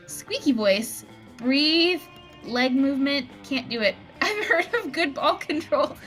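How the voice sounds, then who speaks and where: Tipsy woman reading a game out loud, giggly, high voice, some music behind. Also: expressive, unhurried. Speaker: player reading game text. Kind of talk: casual let's play chat.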